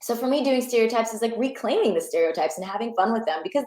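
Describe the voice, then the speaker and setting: A woman's voice: a little high, fast, few pauses. Enthusiastic young woman in an echoey room. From Pakistani and Bangladeshi heritage. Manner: animated, enthusiastic, many fillers. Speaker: actor guest. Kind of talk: casual interview chat.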